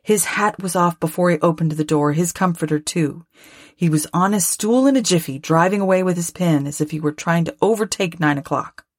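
A woman narrating a classic story aloud with expressive, lively phrasing. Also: on the low side, brisk, no echo, clean studio sound. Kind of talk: storybook reading.

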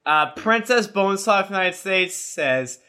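A man's voice: high voice, animated, normal speed, bright, forceful tone, smooth. A man co-hosting a podcast, reading listener reviews aloud with a joking, mock-serious delivery. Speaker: podcast co-host.

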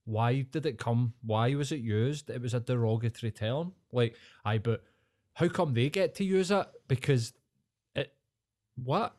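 A man's voice: mid-range voice, a little slow, darkish tone. A young Glaswegian man co-hosting a podcast, talking in emphatic, sweary banter. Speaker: podcast co-host. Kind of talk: casual chat.

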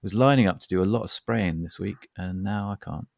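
A man in his fifties, co-hosting a podcast in casual chat, rambling and jokey with bursts of excitement. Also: sits low, fairly quick, creaky, no room sound, clean studio sound. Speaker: podcast co-host. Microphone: computer mic on a remote call.

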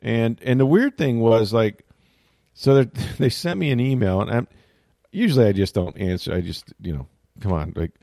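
A man's voice: on the low side, mellow, dry recording, studio quality. A middle-aged man hosting a sports talk show, telling a story in a casual, rambling way and interrupting himself often. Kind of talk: casual chat.

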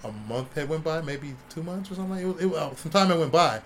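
A man from Ohio in his forties, a comic artist telling stories in a casual interview, animated and swearing freely. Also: a little high, fast, a little hiss or hum. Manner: animated, swears, acts out quotes.

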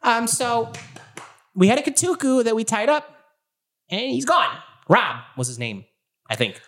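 A game master with a very lively voice narrates a tabletop game. The pitch swings widely as the voice jumps from plain narration into one character after another. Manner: quick voice switches between narration and characters.

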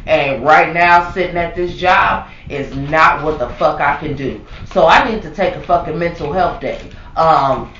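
High-voiced man ranting profanely. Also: moderate pace, hardly any pauses, pushed and bright, recorded from a distance. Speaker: podcast co-host. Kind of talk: casual chat. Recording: echoey, dull, from off-mic with faint background noise.

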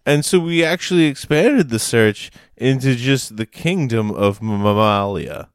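A man co-hosting a podcast, chatting casually and making absurd deadpan jokes. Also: medium pitch, a little slow, clear, resonant tone, no room sound, studio quality. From United States. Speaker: podcast co-host. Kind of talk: casual chat.

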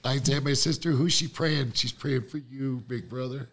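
A man recounts a story as a guest in a casual chat. He slips into the voices of the people he quotes as he goes. His voice sits in an ordinary middle pitch. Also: normal speed.

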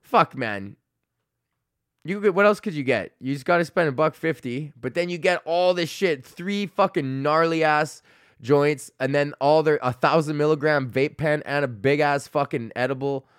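A man's voice: a little high, moderate pace, clean tone, no room sound, clean studio sound. A young man hosting his own comedy podcast, ranting with constant swearing and frequent laughter. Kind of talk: profane solo rant.

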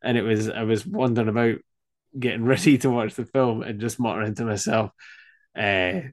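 A man's voice: fairly low pitch, fairly even intonation, normal speed. A man chatting casually about a horror film on a podcast, rambling and laughing often. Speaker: podcast co-host.

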